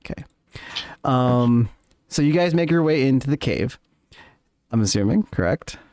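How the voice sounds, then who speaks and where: A man narrating as game master, often pausing and correcting himself as he goes. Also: medium pitch, expressive, a little mellow, no room sound, clean studio sound. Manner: halting, self-correcting, apologetic.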